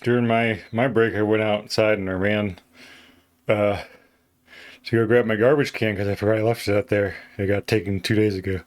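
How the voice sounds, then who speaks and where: A man's voice: lowish voice, fairly even intonation, normal speed. A man livestreaming from home, chatting casually and playfully with his viewers and greeting them as they come in.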